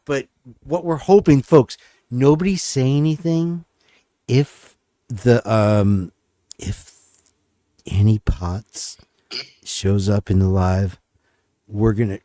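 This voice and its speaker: A man's voice: fairly low pitch, mellow, no echo, studio quality. Rambling, joking male stream host. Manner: rambling, joking, self-deprecating. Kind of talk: casual chat.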